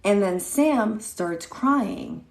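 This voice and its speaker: A woman's voice: medium pitch, lively intonation, extremely slow, a little mellow. A woman in her thirties telling a story casually on a livestream, chatty, greeting viewers by name between sentences and acting out what others said. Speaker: livestream host. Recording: echoey room.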